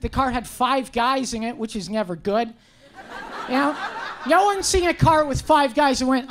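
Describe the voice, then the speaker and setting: A young man with a high-pitched voice doing a brash, profane, self-mocking stand-up set in a comedy club. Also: measured pace, long pauses. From Canada. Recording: live club set with crowd noise. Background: audience laughter.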